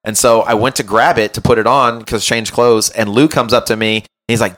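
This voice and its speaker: A man hosting a podcast as a run coach, telling an animated, self-mocking story in casual chat and often checking in with "right?". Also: mid-range voice, moderate pace, hardly any pauses.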